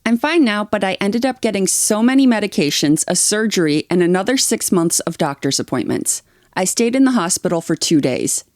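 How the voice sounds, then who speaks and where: A woman's voice: mid-range voice, lively intonation, a little fast, no room sound. Woman reading posts aloud, dry sound. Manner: reads posts aloud, then chats with blunt, swearing opinions. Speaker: podcast co-host reading online posts. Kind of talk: reading aloud and casual chat.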